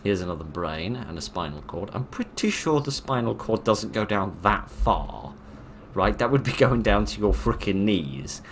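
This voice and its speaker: A man's voice: fairly low pitch, animated, normal speed, slight background noise. A man giving dry, sarcastic let's play commentary while he plays a horror game. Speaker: gaming video narrator.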